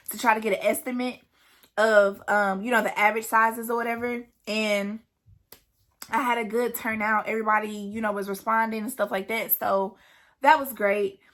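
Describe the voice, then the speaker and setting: A woman's voice: on the high side, pushed and bright. Young woman vlogger, casual chatty delivery, frequent asides to viewers. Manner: chatty, asides to viewers, scolds her dog. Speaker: vlogger and new business owner. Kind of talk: casual chat to camera.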